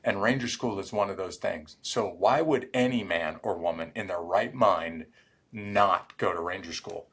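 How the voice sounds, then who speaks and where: A middle-aged man who served as an Army Ranger speaks low and slightly rough at a normal speed. Interviewed on a podcast, he tells his stories with animation and performs the dialogue himself.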